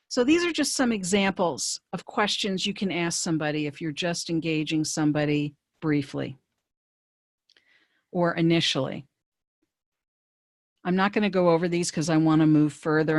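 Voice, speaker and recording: A woman career coach presenting a webinar in a conversational, brisk way, with frequent fillers and restarts. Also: lowish voice, no echo, studio quality.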